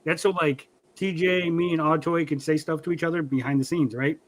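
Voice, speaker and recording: A man hosting a casual livestream podcast, rambling through a story and cutting himself off mid-sentence. He swears freely, and his voice sits a little higher than most men's. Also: steady tone, brisk, rough recording. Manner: rambling, profane, self-interrupting storyteller. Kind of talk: casual chat.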